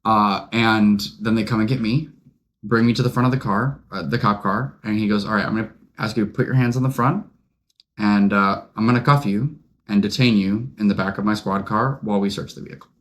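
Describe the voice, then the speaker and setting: This podcast co-host, a young man with a lowish voice, talks fairly quickly. He rambles through a long anecdote in casual conversation, animated and leaning on lots of fillers.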